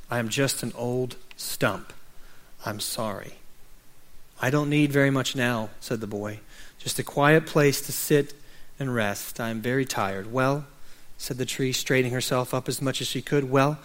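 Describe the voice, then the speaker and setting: A man pastor reading a children's story aloud and then preaching a sermon. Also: mid-range voice. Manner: reads a story aloud gently, then preaches with rising urgency.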